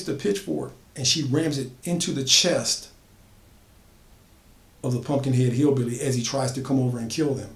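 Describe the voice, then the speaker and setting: A man's voice: mid-range voice, moderate pace. A man casually telling an original horror story, building emphasis by repeating phrases. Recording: echoey room.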